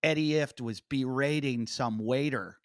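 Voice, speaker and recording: A man chats on a podcast, telling a story and acting out every exchange with the people in it. His pitch sits at an ordinary middle. He is recorded close and dry, with no room sound. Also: a little slow, no room sound. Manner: animated storyteller, acting out quotes. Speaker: comedian and podcast host. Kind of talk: casual podcast chat, storytelling.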